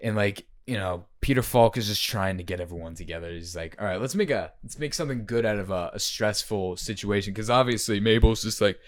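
A man co-hosting a casual podcast chat about a film, rambling and animated, slipping into loud impressions. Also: lowish voice, brisk, few pauses, dry recording, studio quality. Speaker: podcast co-host discussing a film.

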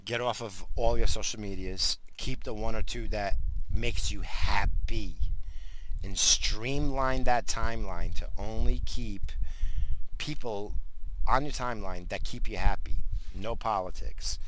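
A man ranting bluntly and profanely to his viewers, repeating himself and tossing in quick apologies between heated points. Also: lowish voice, fairly bright tone, a little hiss or hum, low-quality recording. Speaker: vlogger. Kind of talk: casual rant to camera.

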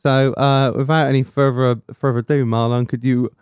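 A man's voice: mid-range voice, moderate pace, clean tone, no echo, studio quality. A man co-hosting a podcast in casual chat, laughing often and swearing freely. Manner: laughs a lot, swears freely, animated storytelling. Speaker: podcast co-host.

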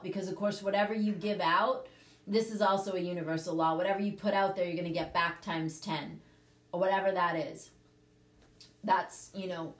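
A woman's voice: medium pitch, roomy sound. A woman hosting a casual talk, coaching her listeners earnestly and checking in with "okay?" as she teaches. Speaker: host, prosperity teacher. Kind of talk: casual livestream teaching chat.

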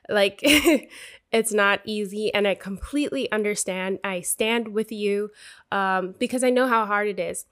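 A woman's voice: mid-range voice, moderate pace, fairly bright tone. A young adult woman hosting a podcast, giving a candid, profane, sisterly motivational talk. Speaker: podcast host.

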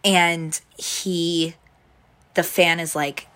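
A young adult woman recounts a night out in loose, chatty storytelling, full of restarts and "like" fillers. Her voice sits low, yet it has a bright, forward edge. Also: moderate pace. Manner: rambling, heavy use of "like" fillers, restarts. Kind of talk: casual storytelling chat.

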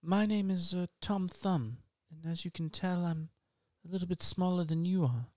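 A performer improvising a tiny, polite, shy male hero in a comedy scene, talking in a hesitant, halting, apologetic way. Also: mid-range voice, warm tone, no room sound, close to an everyday voice.

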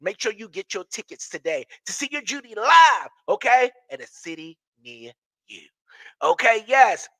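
Brassy dc comedian man chatting on a stream, high bright voice, sassy and cussing. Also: sing-song, moderate pace, dry recording. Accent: Washington, DC. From Washington, DC. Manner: brassy, sassy, profane banter. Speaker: comedian hosting a live stream. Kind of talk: live-stream chat, reading viewer comments.

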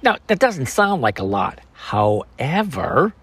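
A man's voice: mid-range voice, very animated, takes it slowly, fairly bright tone, husky. A man hosting a podcast, chatting casually and joking as he walks through the numbers of a trade. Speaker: podcast host. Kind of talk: casual trading talk.

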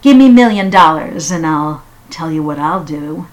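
Woman playing a smooth-talking no-good man. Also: sits low, animated, moderate pace, poor audio. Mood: wheedling.

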